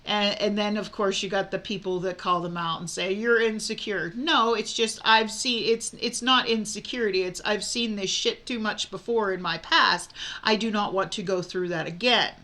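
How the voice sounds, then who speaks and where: Tarot reader, woman, mid pitch, bright tone, frank chatty delivery. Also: fairly even intonation, moderate pace. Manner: chatty, frank, many fillers and restarts. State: hiccups. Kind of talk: casual tarot reading.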